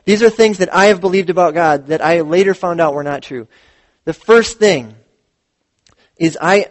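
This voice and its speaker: Animated high-voiced male pastor. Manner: animated storytelling with acted quotes. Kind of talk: sermon. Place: church.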